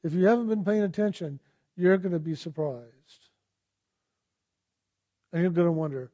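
Man, high voice, mellow tone, gentle questioning, spiritual teacher. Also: moderate pace, long pauses. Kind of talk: reflective spiritual talk.

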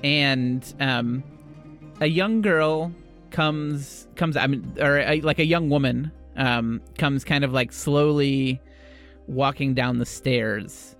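A man's voice: medium pitch, fairly even intonation, takes it slowly, a bit bright, soft background music. Casual male game master. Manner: casual, filler-heavy narration. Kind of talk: narrating a tabletop game.

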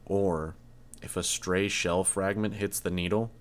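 A man voicing a calm, measured young woman with insect powers in an audiobook reading. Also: deep voice. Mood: cool. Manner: cool, measured.

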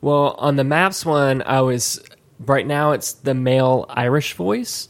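Podcast co-host, male, gravelly, loose rambling banter. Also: medium pitch, takes it slowly. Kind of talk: casual chat.

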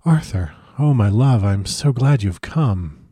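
A man voicing a dying young woman in an audiobook, speaking in a soft, faint murmur. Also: on the low side, expressive, measured pace, husky, no room sound, studio quality. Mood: tender. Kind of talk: audiobook character voice.

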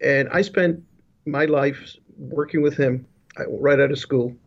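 Over dull, lo-fi video-call audio, a male business leadership consultant shares his life story as an interview guest. His mid-range voice stays fairly even and unhurried, while his telling rambles with frequent restarts and asides.

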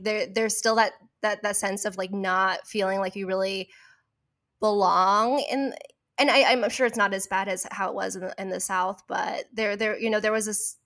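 A woman's voice: mid-range voice, a bit bright. Thoughtful Californian woman in conversation. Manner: thoughtful, halting, with many restarts. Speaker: actor, co-host. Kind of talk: casual conversation.

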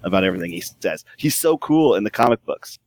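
Man, lowish voice, enthusiastic, rambling, casual podcast. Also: sing-song, fast talker, darkish tone, a little hiss or hum. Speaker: podcast co-host. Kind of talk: casual gaming chat.

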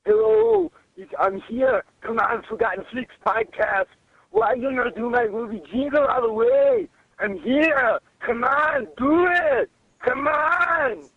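A brash, muscle-bound action hero impression, pitched far above his own voice and bellowing his demands in broken English. The sound is thin and tinny, like a phone call. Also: very animated, takes it slowly, vocal fry, breathy edge, no echo, full character voice. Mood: demanding.

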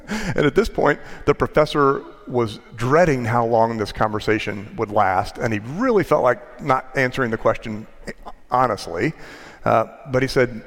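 A male pastor delivering a sermon, telling a story with measured pauses and a storyteller's rhythm. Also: mid-range voice, lively intonation. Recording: long hall reverb.

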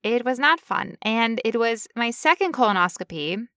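A woman co-hosting a podcast, wry and emphatic as she talks. Her voice is smooth, crisp and bright, recorded dry and close. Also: fairly high pitch, lively intonation, moderate pace, no echo. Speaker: podcast co-host. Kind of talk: casual podcast chat.

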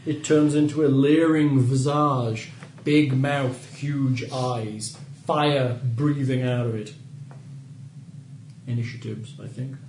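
A man's voice: mid-range voice, steady tone, slow pace, a little mellow, a little hiss or hum. A man running a tabletop game as game master, teasing the players and narrating the scene. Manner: dry, teasing, descriptive narration. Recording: echoey room with table chatter.

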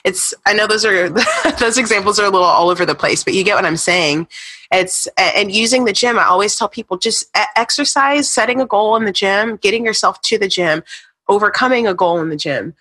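A woman's voice: mid-range voice, a little fast, sharp tone. A woman fitness coach, a guest on a podcast, talking in an upbeat, motivational coaching way. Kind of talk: casual interview chat.

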